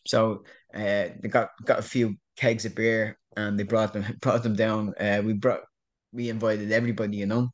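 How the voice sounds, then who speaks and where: A man's voice: fairly low pitch, little pitch movement, moderate pace, muffled recording. A middle-aged Irish man telling a rambling story in a casual interview, repeating words and laughing often. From Ireland. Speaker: guest.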